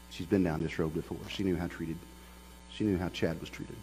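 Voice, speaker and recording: A man's voice: sits low, fairly even intonation, fairly quick, darkish tone, a little hiss or hum, low-quality recording. A middle-aged man, a pastor preaching a sermon as a folksy storyteller. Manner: folksy storyteller who builds to passionate preaching.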